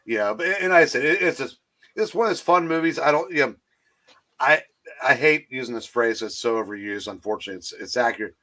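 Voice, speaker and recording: A man co-hosting a casual movie chat over a streaming call mic. He rambles and halts, restarting his sentences over and over. His voice sits at an ordinary middle pitch. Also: lively intonation, bright, forceful tone. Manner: rambling, halting, with many restarts. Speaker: co-host of a movie talk stream.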